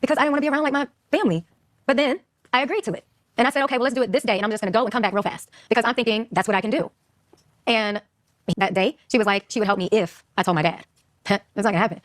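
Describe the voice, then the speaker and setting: Woman guest, rapid animated storyteller, dry recording. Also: a little high, dry recording. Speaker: guest telling her story. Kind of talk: casual conversation.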